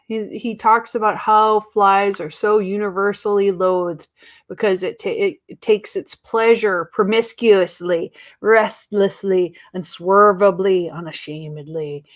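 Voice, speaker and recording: A woman hosting a casual talk show as a librarian, chatty and jokey with giggly asides and lots of fillers. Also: medium pitch. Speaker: host, librarian. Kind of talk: casual chat.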